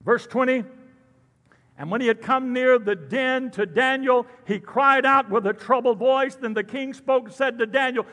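A man preaching a sermon, animated and jokey, calling out to the congregation. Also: extremely high pitch, normal speed, long reverb tail. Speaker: pastor.

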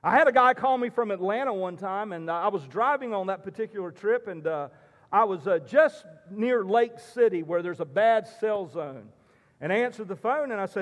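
A man preaching a sermon as pastor, telling folksy stories and pausing on "uh" fillers. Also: high-pitched, animated. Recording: long hall reverb.

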